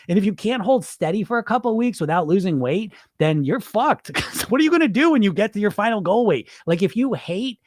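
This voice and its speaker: A middle-aged man hosts his weight-loss podcast in a blunt, profane, off-the-cuff monologue, often laughing and stumbling over repeated words. His voice sits a little high and swoops up and down with energy. The sound is close and dry. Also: dry recording. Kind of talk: unscripted livestream monologue.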